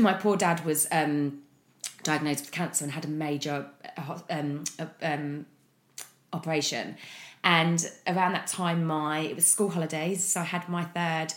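A woman speaking as an interview guest, frank and open in a candid personal account, often pausing on fillers. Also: low-pitched, fairly even intonation. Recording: echoey room.

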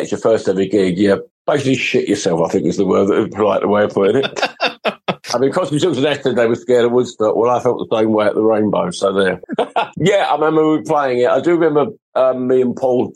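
An older musician telling relaxed, self-deprecating stories as a podcast guest. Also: male voice, lowish voice, low-quality recording. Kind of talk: casual storytelling interview.

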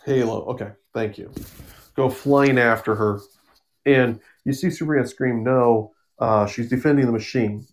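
A man's voice: medium pitch, moderate pace. Guy on a comic podcast walking through the plot, lots of ums, does little voices for the characters. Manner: rambling summary with fillers and laughs, acting out quotes. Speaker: podcast co-host. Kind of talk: casual comic book recap.

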